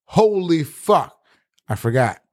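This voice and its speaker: A man's voice: fairly high pitch, big pitch swings, takes it slowly, a little mellow. Guy on a podcast telling a long story, swears a lot, rambles, totally casual. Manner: profane, rambling anecdotes. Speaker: podcast co-host.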